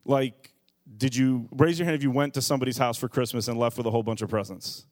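A man in his thirties preaching a sermon as a pastor, telling family stories with animated swings in loudness. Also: mid-range voice, quick pace, no echo, studio quality. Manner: storytelling, animated with rising shouts.

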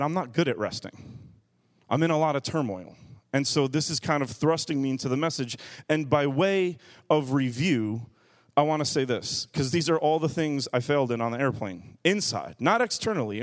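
A man who is a pastor, preaching a sermon and telling a funny story in a lively, animated way. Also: medium pitch. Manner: animated, acts out other people's voices.

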